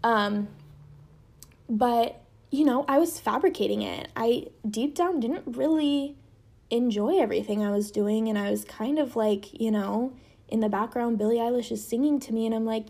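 A woman's voice: moderate pace, gravelly, darkish tone. A young woman in her twenties hosting a podcast, telling a personal story in a chatty way, full of fillers, her voice jumping up whenever she quotes people. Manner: chatty, lots of fillers, voice jumps high when quoting. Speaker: podcast host. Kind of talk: casual storytelling.

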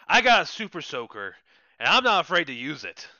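A man's voice: a little high, very animated, fairly quick, sharp tone, dry recording, muffled recording. A man performing an improvised comedy scene, shifting from mock-formal politeness to brash defiance.

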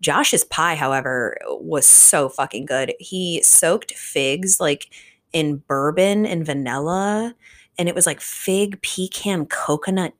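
A woman in her twenties from the Richmond, Virginia area, hosting a podcast in casual solo chat, animated and swearing freely. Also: sits low, takes it slowly. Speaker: podcast host.

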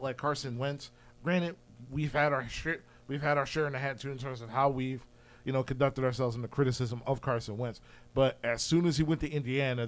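A man from co-hosting a casual sports podcast, often chiming in with quick agreement. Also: mid-range voice. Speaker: podcast co-host.

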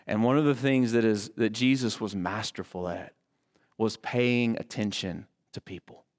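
A man preaching a sermon as pastor, reading scripture with a lifted voice and dropping low and quiet to drive his points home. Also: steady tone, moderate pace. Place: church sanctuary. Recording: long reverb of a large church hall.

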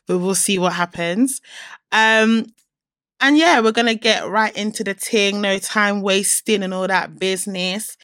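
A woman hosting a casual podcast, bubbly and quick to laugh. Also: medium pitch, fairly bright tone, dry recording, clean studio sound. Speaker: podcast host.

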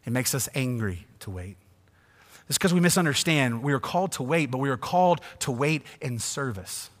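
A man preaching a sermon, swinging from hushed asides to loud, emphatic passages. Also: on the high side. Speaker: pastor. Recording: long reverb of a church hall.

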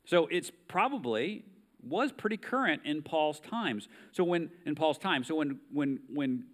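In a fairly high-pitched, expressive voice, a little slow, an American-accented pastor gives a conversational sermon. He reads passages of scripture aloud and asks his listeners rhetorical questions.

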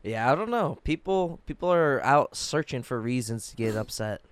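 A man chatting casually as host, with a smooth, resonant voice that swings up and down a lot. He talks loosely, full of fillers and quick laughs. The sound is dry and close. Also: mid-range voice, expressive, dry recording. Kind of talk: casual chat.

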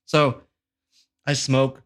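A man's voice: mid-range voice, flat delivery, drawn-out words, fairly bright tone. A man co-hosting a podcast who tells his own story in loose, profane chat. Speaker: podcast co-host, tattoo artist. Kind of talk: casual chat.

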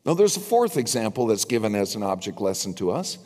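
A man's voice: fairly low pitch, sing-song, fairly quick, a little mellow. An older man preaching a sermon as pastor, with wry asides to his congregation. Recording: long reverb from a large hall.

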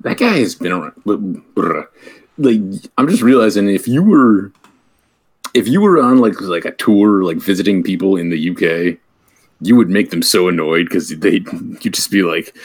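American guy rambling on a podcast, kinda low voice, lots of ups and downs. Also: expressive, normal speed, slightly rough. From United States. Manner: rambling, stammers and repeats words. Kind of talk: casual chat.

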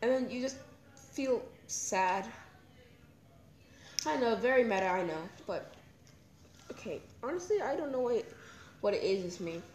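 A woman's voice: on the high side, animated, unhurried, pauses often, a little mellow. A young woman hosting her own podcast, talking candidly and emotionally in a rambling, casual way. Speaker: podcast host. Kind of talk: casual personal talk. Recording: echoey room with faint ambience.

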